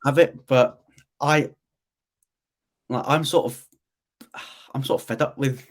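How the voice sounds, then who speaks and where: A British man as a guest on a podcast, talking in a relaxed, conversational way. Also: mid-range voice, slow. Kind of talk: casual podcast chat.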